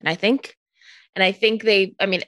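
A woman's voice: mid-range voice, fairly even intonation, moderate pace, a bit bright, dry recording. A woman co-hosting a casual chat show, giggling often and trailing off to restart her sentences. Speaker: podcast co-host.

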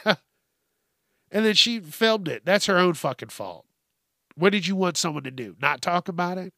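A man's voice: a little high, gravelly, fairly bright tone, no echo, clean studio sound. A man hosting a podcast, ranting with heated, sweary sarcasm. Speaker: podcast host. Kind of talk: profane comedic rant.

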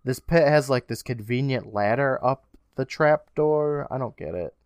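A man's voice: mid-range voice, normal speed, clean tone, no echo, studio quality. A man co-hosting a podcast, casually recapping a TV episode with sarcastic asides and the odd swear. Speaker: podcast co-host.

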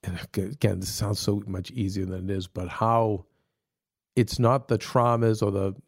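With no echo and clean studio sound, a man co-hosting a podcast talks at a moderate pace in a lowish, flat voice. He rambles through casual chat, restarting often and using lots of fillers.

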